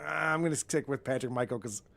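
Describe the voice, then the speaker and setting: A man's voice: medium pitch, brisk, vocal fry, fairly bright tone. A man hosting a casual podcast quiz game, loose and joking, who swears and laughs often.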